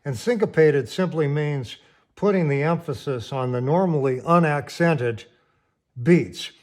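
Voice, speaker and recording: A man's voice: a little high, measured pace. A man teaching piano, explaining rhythm plainly and counting beats aloud. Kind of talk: piano lesson, counting aloud while playing. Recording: piano underneath the voice. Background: piano playing.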